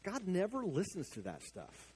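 Animated preaching man, lively pitch. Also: moderate pace, slightly rough. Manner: animated, swings from hushed to loud emphatic. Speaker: pastor. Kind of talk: sermon.

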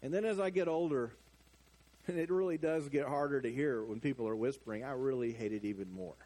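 A middle-aged man preaching a sermon, animated, swinging from hushed asides to loud emphatic lines. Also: mid-range voice, brisk. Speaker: pastor.

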